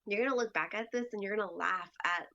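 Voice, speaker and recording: A woman's voice: medium pitch, fast talker, sharp tone, lo-fi sound, a little hiss or hum. A woman speaking as a podcast guest in casual storytelling, chatty and full of fillers, acting out other people's lines as she goes. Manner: chatty, acts out quoted dialogue with lots of fillers.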